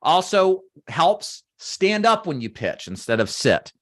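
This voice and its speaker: A man in his thirties coaching sales agents, emphatic and animated, acting out sample phone pitches on camera. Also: slow. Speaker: sales trainer. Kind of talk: training talk to agents. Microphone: webcam or desk mic on camera.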